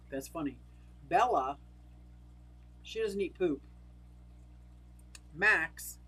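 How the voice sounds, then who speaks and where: A woman's voice: low-pitched, breathy edge, rough recording. Older lady chatting on her livestream, laughs a lot, talks to viewers by name. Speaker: livestream host. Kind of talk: casual livestream chat reading comments.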